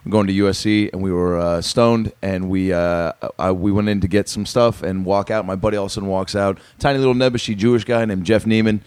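A man's voice: on the low side, fairly even intonation, a little fast, hardly any pauses, a little mellow, smooth, no room sound. A man on a comedy podcast, telling a rambling story and acting out the voices of the people in it. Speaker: comedian guest.

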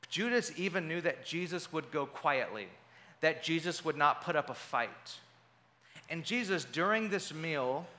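Bright-voiced male pastor preaching animatedly. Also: fairly high pitch, a little hiss or hum. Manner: animated storytelling, acts out quoted voices. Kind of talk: sermon.

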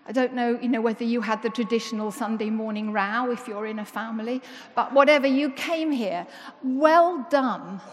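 Woman, sermon, slightly high voice, long church reverb. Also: moderate pace, few pauses, a little hiss or hum. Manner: chatty and playful, asks rhetorical questions. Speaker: church member giving the talk. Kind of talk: conversational sermon. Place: church with a congregation.

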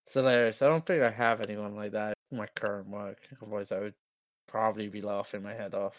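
A man hosting a podcast, laughing along with relaxed, easygoing remarks and signing off the show. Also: lowish voice, fast talker, muffled recording, slight background noise. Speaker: podcast host. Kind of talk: casual chat, signing off the show.

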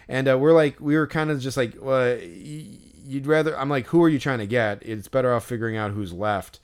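A man's voice: medium pitch, fairly quick, clear, resonant tone. A man co-hosting a podcast, telling a story in a loose, rambling way with lots of fillers and restarts and casual swearing. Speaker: podcast co-host. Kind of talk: casual chat.

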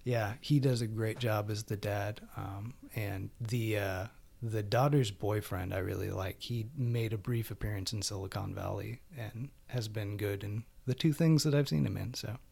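Man, low voice, raspy fry, casual chat, rambling with fillers. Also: fairly even intonation, moderate pace, a little mellow. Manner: meandering, heavy on filler words.

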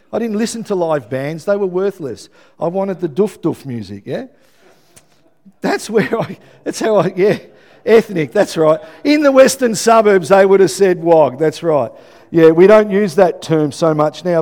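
Middle-aged Australian preacher, lively testimony-style sermon, acts out quotes, fairly high voice. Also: male voice. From Melbourne, Australia. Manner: lively storytelling with acted-out quotes and asides.

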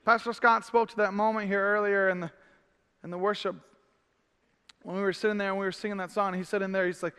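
Male pastor: very high, bright voice, emphatic sermon, echoing hall. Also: flat delivery, quick pace, pauses often, smooth. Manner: emphatic, repeats phrases, cries out in frustration. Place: church hall. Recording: long hall reverb.

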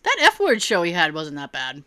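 A woman co-hosting a casual podcast chat, animated, laughing often and swearing freely. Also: fairly low pitch, moderate pace, clean tone, dry recording, studio quality. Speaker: podcast co-host.

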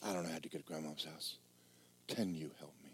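A man voicing a small, lost young creature who pleads for help in a soft, halting voice while retelling a story in a sermon. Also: medium pitch, animated, a little hiss or hum, natural voice. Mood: pleading.

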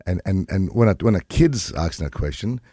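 A man with an Australian accent giving a passionate interview, full of quick restarts and dry humor. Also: sits low, lively intonation, dark tone, no room sound. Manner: fast, repetitive restarts, wry humor. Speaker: guest.

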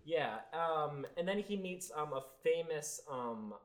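His fairly high-pitched voice is expressive but slow. This young man, a podcast co-host, talks loosely about a film in a casual review chat, full of fillers and trailing thoughts.

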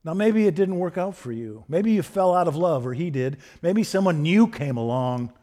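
A middle-aged man preaching a sermon, building to fervent repeated refrains and then dropping soft and low. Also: expressive, normal speed. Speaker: pastor.

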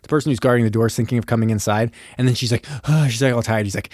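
Male co-host, mid-pitched, animated movie recapper, dry close mic. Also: very fast, few pauses, no echo. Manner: animated, acts out characters' lines. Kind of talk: casual movie recap chat.

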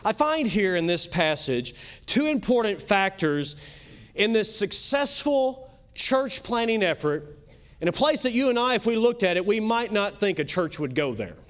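Male pastor with a Kentucky accent, high voice, emphatic sermon delivery. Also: sing-song. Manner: emphatic preaching, swinging loud and soft, quick asides.

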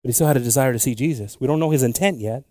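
A man's voice: mid-range voice, racing, a little mellow, no echo. A man preaching a bilingual sermon, switching between Spanish and English with joking asides.

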